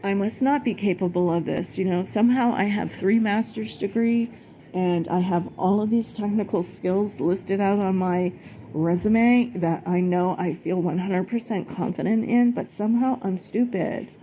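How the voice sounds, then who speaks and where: A woman's voice: mid-range voice, normal speed, warm tone, a little hiss or hum, poor audio. A middle-aged woman vlogging about her past job, talking in an emphatic, heated way with many fillers and restarts. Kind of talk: casual personal storytelling.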